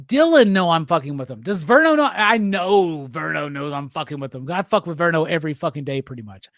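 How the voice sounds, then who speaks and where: A man's voice: fairly high pitch, very animated, normal speed, a bit bright, no echo, studio quality. A man hosting a casual livestream chat, drunk, profane and teasing as he rambles. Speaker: livestream host.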